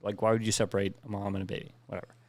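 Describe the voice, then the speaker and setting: A young man with a low voice tells a story on a podcast and swears freely as he goes. He acts out what each person said, and the sound is dry and close. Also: flat delivery, very fast, no echo. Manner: profane, recounts with quoted dialogue. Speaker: podcast co-host, veteran. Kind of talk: casual storytelling.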